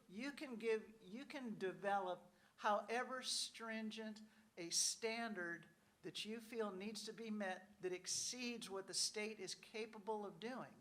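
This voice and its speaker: A woman's voice: mid-range voice, normal speed, a bit bright. Woman speaking casually at a conference panel. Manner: conversational, acts out quoted officials; frequent "you know" asides. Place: conference hall.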